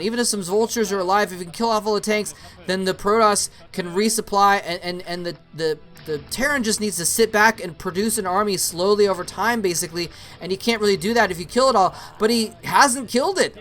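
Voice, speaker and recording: This is a man commentating a strategy-game match on his own, in a loose, conversational way. He often stammers over his words and repeats himself. At the big moments his voice shoots up into excited, high-pitched cheers. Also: fairly quick. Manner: chatty, jokey asides. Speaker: esports commentator. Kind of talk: solo play-by-play commentary over an old match.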